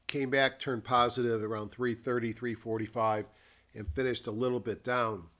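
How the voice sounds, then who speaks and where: A man at an everyday mid pitch talks through his weekly market review, slow and unhurried. He thinks aloud, filling the gaps with ums and short pauses as he walks through charts. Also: level tone, fairly bright tone. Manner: reads a formal disclaimer. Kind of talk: dictated screen-share market commentary.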